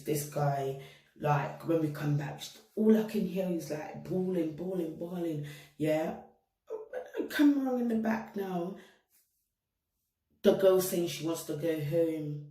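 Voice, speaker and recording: A young woman laced talks straight to her viewers, animated and full of street talk as she tells her story. Her voice is mellow and warm, recorded in an echoey room a little way from the mic. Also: sits low, recorded from a distance. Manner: animated, slangy, addresses viewers directly. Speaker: vlogger. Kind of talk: casual storytime monologue. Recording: roomy echo, set back from mic.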